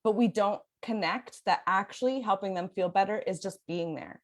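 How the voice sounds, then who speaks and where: Young adult woman coach, mid-pitched, earnest and flowing, quick to laugh. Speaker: parenting sleep coach guest. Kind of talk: podcast conversation.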